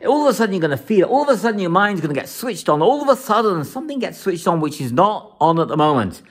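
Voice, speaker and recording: Male astrologer with a very animated, up-and-down delivery, giving an emphatic weekly forecast. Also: high-pitched, fast, breathy edge. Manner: emphatic and repetitive, often laughing.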